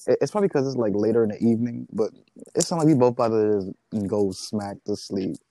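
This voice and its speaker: Mellow laid-back man on a podcast. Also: fairly low pitch, quick pace, dry recording. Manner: laid-back, teasing, slangy. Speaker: podcast co-host. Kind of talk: casual podcast chat.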